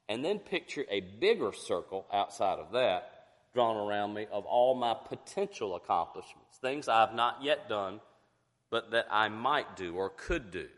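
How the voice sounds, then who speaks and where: A man's voice: fairly low pitch, in a large hall. A middle-aged male pastor preaching a sermon with emphatic rhetorical questions, fighting through a cough. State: coughing, fighting to get words out.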